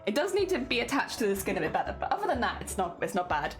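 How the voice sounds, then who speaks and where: A woman's voice: mid-range voice, sing-song, racing, faint music behind. A young woman streamer with a slightly congested voice, chatting casually as she talks herself through rigging work and greets viewers. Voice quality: coughing, a little congested. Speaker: streamer rigging a vtuber model. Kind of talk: casual live-stream talk while working.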